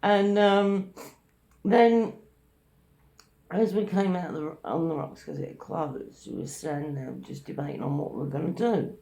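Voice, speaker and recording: Woman recounting a night out, low voice, roomy echo. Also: unhurried. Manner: animated anecdote-telling, quotes others. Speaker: storyteller. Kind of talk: casual chat.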